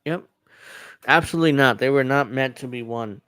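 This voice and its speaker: Man, podcast host, smooth clear voice, dry close sound, reads headlines then mocks them. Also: medium pitch, brisk, fairly bright tone, no echo. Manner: reads news articles aloud, then riffs sarcastically. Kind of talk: casual political commentary.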